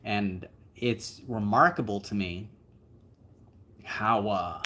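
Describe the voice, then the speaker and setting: A relaxed man hosts a livestream and chats loosely with his viewers. His voice sits a little low, and he rambles along with plenty of fillers and asides. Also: slow pace, a little hiss or hum. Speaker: livestream host. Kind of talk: casual livestream chat, answering viewer comments.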